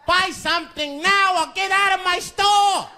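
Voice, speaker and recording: A man voicing an irritable male shopkeeper who barks and shouts orders at a customer. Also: very high-pitched, a little slow, a little hiss or hum, voice pushed up, exaggerated voice. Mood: angry.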